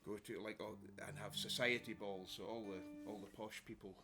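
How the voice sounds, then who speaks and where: A man with a fairly low voice chats and rambles about where some tunes come from, pausing often as he goes. Guitar music sounds clearly behind him at a live house concert. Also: fairly even intonation. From Scotland. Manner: chatty, halting with fillers. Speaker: folk musician. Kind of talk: introducing tunes on stage.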